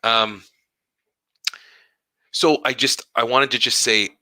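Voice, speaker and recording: Animated man with a sharp, dry voice. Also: medium pitch, slow, dry recording. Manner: animated storytelling, acting out conversations. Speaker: elementary school teacher. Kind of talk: casual podcast monologue.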